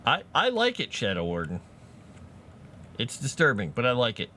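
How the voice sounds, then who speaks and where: A man talks casually to his live chat as he writes fantasy lore. His voice sits mid-range but swings up and down with animated energy, and he laughs often as he reacts to viewers. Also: mid-range voice, moderate pace, slight background noise. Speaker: streamer writing fantasy lore.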